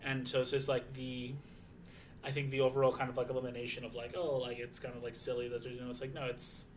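A man's voice: medium pitch, level tone, quick pace, a little hiss or hum. A young man in his twenties, a streamer chatting casually in a rambling, profane way with many fillers. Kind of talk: casual chat.

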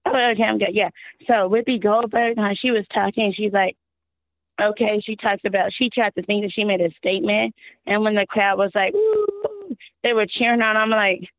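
A woman from Texas calling into a show, her voice hoarse and worn out, rambling and exasperated with frequent laughs. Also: mid-range voice, no echo. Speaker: caller. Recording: tinny phone line.

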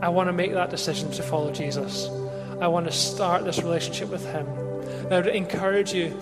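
A pastor gently inviting his congregation into prayer, speaking slowly and reflectively at the close of a sermon in a church service. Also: high voice, fairly even intonation. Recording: long hall reverb with music behind.

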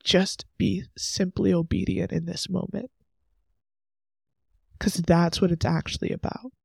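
A young man in his twenties speaks to his podcast listeners about faith, earnest and openly emotional. His voice sits somewhat high for a man, with a rough, fry-laden edge, and he keeps slipping in casual "like" asides. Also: level tone, a little slow, darkish tone, no room sound, clean studio sound. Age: 20s. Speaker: podcast host.

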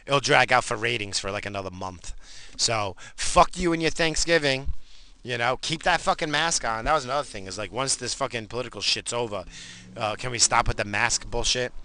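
A married man delivering a profane, angry rant, swinging between shouted outbursts and low muttered asides. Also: dry recording. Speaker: ranting commentator.

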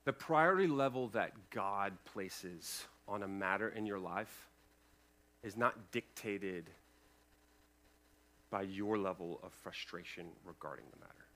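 A male pastor preaching a sermon to his congregation, earnest and emphatic, with loud peaks and quiet asides, checking in with the room. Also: fairly low pitch, a little slow. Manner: addresses the congregation with checking questions. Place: church sanctuary, speaking over a sound system.

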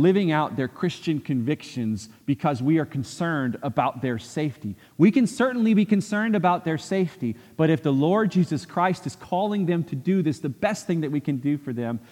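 A man's voice: a little high, lively intonation, moderate pace, few pauses, a little mellow, in a large hall. A man preaching a sermon from a church pulpit, earnest, repeating phrases for emphasis and acting out quoted speech. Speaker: pastor. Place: church sanctuary.

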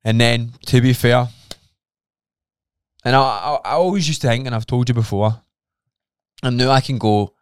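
A man's voice: medium pitch, moderate pace, pauses often, smooth, no echo, clean studio sound. A Scottish man co-hosting a podcast, telling a personal story openly and emotionally, swearing often. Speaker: podcast co-host. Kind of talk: candid podcast conversation.

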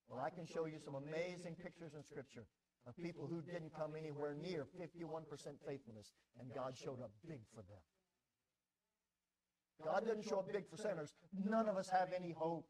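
A male pastor preaching a sermon, swinging between quiet, low passages and loud, pleading outbursts, often repeating words as he builds. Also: moderate pace, long pauses, rough recording. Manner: repeats words when stirred.

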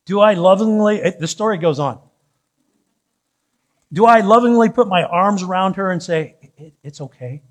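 Higher-voiced man telling a sermon story. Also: moderate pace, pauses often. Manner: animated, joking personal storytelling with laughter. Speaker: pastor. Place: church.

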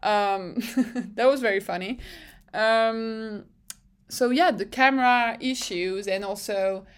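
A woman's voice: on the high side, takes it slowly, clear, resonant tone. Giggly young French woman chatting. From France. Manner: giggly and animated, swears casually, lots of fillers. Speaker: vlog host. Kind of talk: casual chatty recap.

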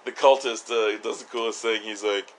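Over a slight hiss or hum, a man with a lowish, fairly bright voice talks at a moderate pace with fairly even intonation. As a podcast co-host, he reviews a TV episode in relaxed, jokey chat full of swearing and frequent laughter.

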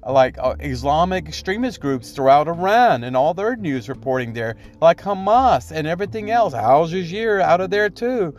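A man's voice: fairly high pitch, animated, normal speed, hardly any pauses, darkish tone. A man hosting a podcast, giving solo opinion commentary in a rambling, indignant way, often tagging his points with "okay?" and trailing off into fillers. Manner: frequent fillers and restarts, indignant. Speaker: podcast host.

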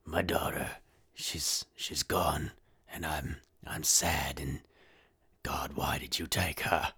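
A man doing a raspy whispering grieving dad. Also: rumbling low, steady tone, takes it slowly, pushed and bright, dry recording, clean studio sound, pitched below the performer's own voice, full character voice. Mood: mournful.

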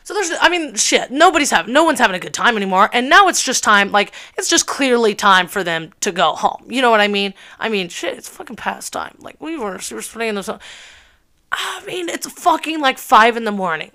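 A woman in her early twenties telling a personal story in a casual, animated way, full of swearing and filler words. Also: fairly high pitch, moderate pace. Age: early 20s.

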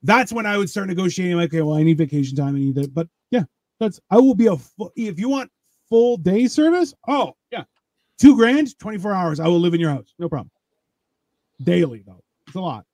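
A man chatting casually on a podcast, rambling with halting restarts and crude jokes. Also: sits high, lively intonation, darkish tone, dry recording. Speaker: podcast guest. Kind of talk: casual chat.

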